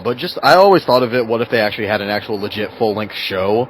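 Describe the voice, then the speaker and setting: A man hosting a casual podcast chat, excitable and laughing, often restarting his sentences. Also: mid-range voice, racing, a little hiss or hum, poor audio. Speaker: show host.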